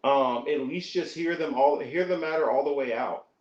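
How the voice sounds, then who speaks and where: A man's voice: medium pitch, moderate pace, darkish tone. A man talking as a podcast guest in casual chat, hesitant and earnest. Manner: hesitant, many fillers and restarts, earnest. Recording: echoey, dull lo-fi audio.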